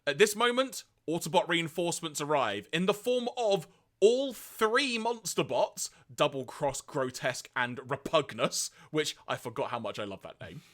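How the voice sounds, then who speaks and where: A man co-hosting a podcast, retelling episodes in a lively way and acting out quoted lines. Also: moderate pace. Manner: lively storytelling, acts out quoted lines in high voices. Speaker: podcast co-host. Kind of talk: casual podcast recap.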